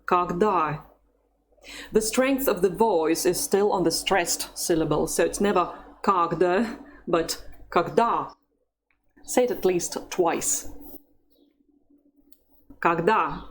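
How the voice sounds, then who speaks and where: A woman teaching a language lesson, speaking slowly and carefully in an encouraging instructional tone. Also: on the low side, a little mellow, a little hiss or hum.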